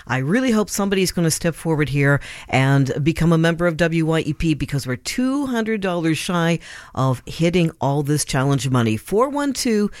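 A man hosting a live radio pledge drive, making urgent, animated appeals for donations. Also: a little high, dry recording, studio quality. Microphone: studio microphone.

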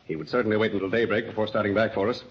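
A man playing a steady, heroic pilot in a 1930s radio drama, calm and assured. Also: fairly low pitch, very fast, natural voice. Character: steady heroic male pilot, Captain Midnight. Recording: lo-fi old radio recording.

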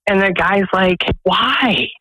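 A woman's voice: lowish voice, fairly even intonation, a little slow, fairly bright tone, dry recording, rough recording. Woman, earnest storyteller, radio interview guest, dry studio sound. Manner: earnest storytelling, quoting others. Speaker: executive director of a pregnancy resource center.

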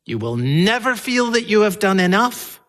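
A male pastor preaching a sermon in an earnest way, building to emphatic peaks and dropping low again. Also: big pitch swings, normal speed, fairly bright tone.

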